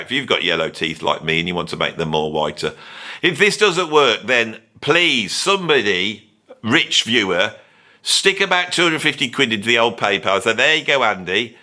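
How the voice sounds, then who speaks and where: A man's voice: lowish voice, sharp tone. A middle-aged British man giving a rambling, self-mocking outro to his music channel, joking and cheekily pleading with viewers. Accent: British English. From Britain. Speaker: YouTube music commentator. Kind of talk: casual rambling outro monologue.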